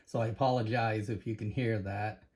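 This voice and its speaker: A man's voice: fairly low pitch, normal speed. A man from Canada hosting a casual vlog, talking chattily to viewers and a bit out of breath. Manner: chatty, animated storytelling. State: slightly out of breath. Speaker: precious metals channel host.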